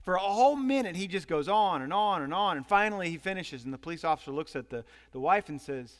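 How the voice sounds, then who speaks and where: A male pastor preaching in an animated, storytelling manner. His voice is high for a man and carries a long hall reverb around it. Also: quick pace, few pauses. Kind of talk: sermon.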